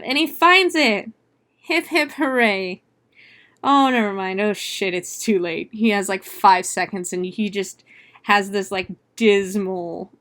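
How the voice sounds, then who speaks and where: A woman podcast host tells a movie plot the way she would tell a friend. She fills her sentences with "like", swears freely, and breaks into exclamations and laughs. Her voice sits at an ordinary middle pitch. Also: a bit bright. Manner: chatty, profane retelling with frequent "like". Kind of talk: casual movie recap.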